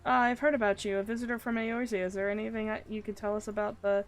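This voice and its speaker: A woman's voice: medium pitch, little pitch movement, fast, faint music behind, close to an everyday voice. A woman reading as a resolute frontline soldier. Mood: earnest. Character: earnest, determined frontline soldier man.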